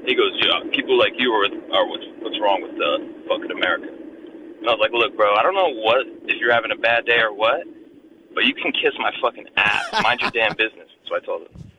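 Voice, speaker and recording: A man's voice: fairly low pitch, fairly quick. A man telling a rambling, profane story full of fillers, recorded casually. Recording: dull lo-fi recording with noise.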